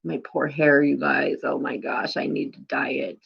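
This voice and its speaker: A woman's voice: very deep voice, little pitch movement, moderate pace, gravelly, husky. A middle-aged woman venting casually on her live stream, rambling and swearing, often asking "you know what I mean". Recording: dull lo-fi phone audio.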